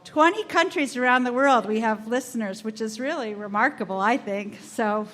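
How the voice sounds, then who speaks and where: Bubbly woman podcast host, high voice, warming up a live audience on a handheld mic. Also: moderate pace. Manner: bubbly, laughs often. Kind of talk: live event speech. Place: event room with live audience. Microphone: handheld microphone.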